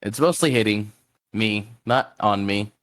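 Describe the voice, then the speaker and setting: Man, lowish voice, self-deprecating, joking tabletop player. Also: measured pace, a bit bright. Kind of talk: casual in-character banter.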